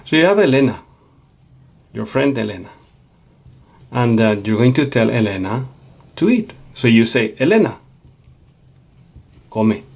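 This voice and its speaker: Gravelly man teaching a language lesson. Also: mid-range voice, expressive, moderate pace, pauses often. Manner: explains patiently, checks in with frequent "okay?". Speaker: Spanish teacher. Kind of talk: classroom lecture.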